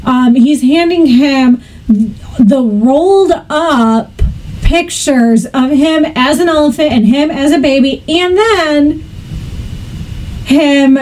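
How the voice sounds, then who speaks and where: Woman podcast co-host, high voice, soft dark tone, faint hiss, playful chat. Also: low-quality recording. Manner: playful, quick asides and jokes. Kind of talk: casual chat recapping a film.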